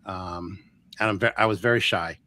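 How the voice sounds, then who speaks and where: Male guest, storyteller, animated, slips into quoted voices, ums and restarts. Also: sits low, moderate pace, no room sound, studio quality. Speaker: guest healer. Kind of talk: storytelling in a live interview.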